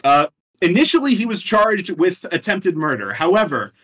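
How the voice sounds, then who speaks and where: A young man telling odd court stories on a casual podcast, animated and laughing often. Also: high-pitched, normal speed. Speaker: guest presenter on a podcast.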